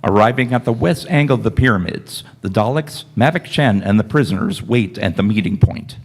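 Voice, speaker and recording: A man reads the stage directions of a live radio play in a plain, steady voice. His tone is slightly husky. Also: on the low side, fairly quick. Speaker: narrator.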